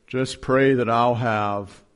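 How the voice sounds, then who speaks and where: A man doing a slow, earnest young man. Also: fairly even intonation, clear, resonant tone, natural voice. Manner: slow, low, drawn-out delivery. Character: earnest young man, forever asking for prayer.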